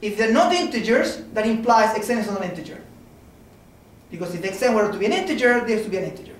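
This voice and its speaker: In a very echoey lecture room, recorded from a distance, a man gives an informal mathematics seminar. He talks conversationally at a quick pace in a high-pitched, expressive voice, often checking in with "okay?" and "right?".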